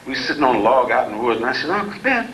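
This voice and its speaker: A man's voice: medium pitch, steady tone, racing, fairly bright tone, roomy sound, slight background noise, rough recording. A man giving a lecture in a folksy, digressive and humorous storytelling way.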